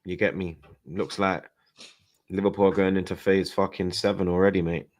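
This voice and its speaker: A man in casual football banter, teasing and slangy, shouting out viewers from the chat. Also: low-pitched, level tone, normal speed. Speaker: football fan panelist.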